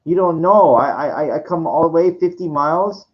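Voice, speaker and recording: A slightly high-voiced man in his forties speaks at normal speed in a rambling monologue about his life. He keeps stammering and restarting, swears frequently and erupts in exasperation. The audio is dull and lo-fi.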